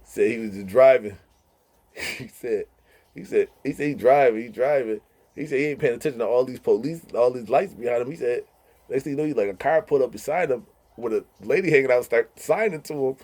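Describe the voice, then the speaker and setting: Here a man with a brisk, medium-pitched voice spins casual, funny tales from prison. Laughing and animated, he imitates the voices of the people he's quoting.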